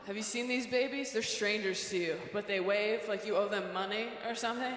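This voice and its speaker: A woman performing a stand-up comedy set in a theater, animated, breaking into shouted character bits. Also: mid-range voice, a little fast, a little hiss or hum. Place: theater stage before an audience. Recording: echoey hall with long reverb.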